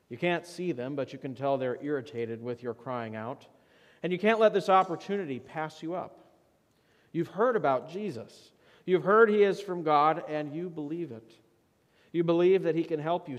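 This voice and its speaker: A male pastor delivers a sermon in a fairly high voice. He guides listeners through imagined scenes, climbing to urgent cries and sinking to near-whispers. The sound rings with long reverb from a church sanctuary. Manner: guided imagery, dramatic rises and hushed drops.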